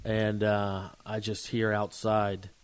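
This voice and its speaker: A man in his forties, co-hosting a podcast, telling a story in a casual, animated way and acting out the shouts. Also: fairly low pitch, slow, smooth. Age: 40s. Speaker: podcast co-host.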